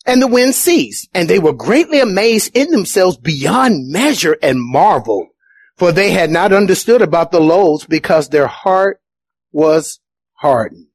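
A man preaching a sermon as pastor, animated, acting out the voices of the people in his stories. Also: sits high, measured pace, no room sound.

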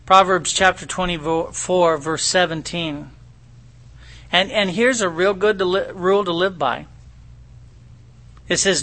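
A middle-aged man delivers a sermon as if chatting with his congregation. His voice sits high and rings bright. He keeps checking in with his listeners in a homespun, folksy manner. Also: unhurried, pauses often. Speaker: pastor. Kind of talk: conversational sermon.

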